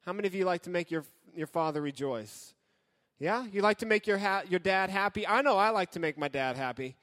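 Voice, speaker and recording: A man's voice: high voice, animated, a little fast, fairly bright tone. A man giving a casual, joking sermon as a youth pastor, talking straight to his audience. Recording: hall with long reverb.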